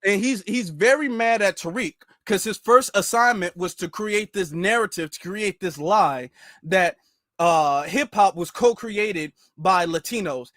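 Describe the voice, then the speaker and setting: A man hosting a commentary channel, ranting in an animated, repetitive storytelling way. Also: high-pitched, unhurried, no echo, studio quality.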